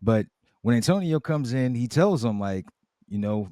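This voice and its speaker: A man's voice: medium pitch, lively intonation, moderate pace, dark tone, a little hiss or hum. A man co-hosting a podcast, chatting casually about a sitcom episode with laid-back, dry asides. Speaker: podcast co-host.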